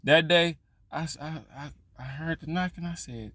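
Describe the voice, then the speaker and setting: A man's voice: a little high, fairly quick, a bit bright, dry recording. A man vlogging in casual storytelling style, loose and profane, rambling with frequent restarts.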